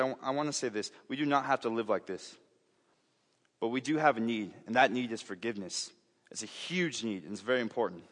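A man's voice: medium pitch, a bit bright. A young man preaching a sermon in an earnest, conversational way, often restarting his sentences and making asides. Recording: reverberant hall.

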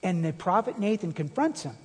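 A husky, fairly high-voiced man preaches to his congregation, building from a conversational telling to emphatic, animated peaks. His voice carries a long reverb from the hall around him, recorded from the room as he speaks. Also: brisk. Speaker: pastor. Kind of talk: sermon.

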